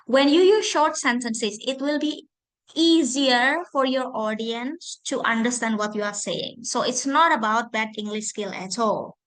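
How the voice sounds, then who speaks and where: A woman lecturer with an Indonesian accent leads an online English lesson. Her voice sits high and she talks at an unhurried pace, spelling out each example phrase with care. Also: a bit bright. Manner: slow, deliberate, repeats example phrases. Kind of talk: online lesson on presentation skills.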